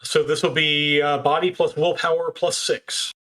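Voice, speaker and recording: A man's voice: on the high side, little pitch movement, moderate pace, sharp tone. A man running a tabletop role-playing game, narrating scenes and explaining rules. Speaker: game master.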